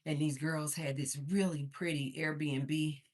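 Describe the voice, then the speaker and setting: A woman's voice: deep voice, fairly even intonation, slow. A woman from Missouri hosting a casual livestream, chatting, reading viewer comments aloud and laughing often, a little out of breath from moving around. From Missouri, USA. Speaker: livestream host.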